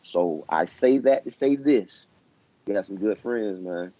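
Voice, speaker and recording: A man's voice: fairly low pitch, animated, measured pace, warm tone, dry recording. A man in his thirties, a coach and teacher, giving emphatic, preachy advice on a podcast. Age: 30s. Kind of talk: casual podcast chat. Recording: dull, dry lo-fi recording.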